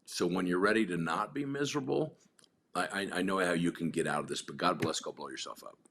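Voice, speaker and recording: A middle-aged man with a husky voice, a podcast guest telling stories candidly, rambling and repeating words, swearing freely. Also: fast talker, a bit bright, a little hiss or hum. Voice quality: very deep, husky voice. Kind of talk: candid conversational storytelling.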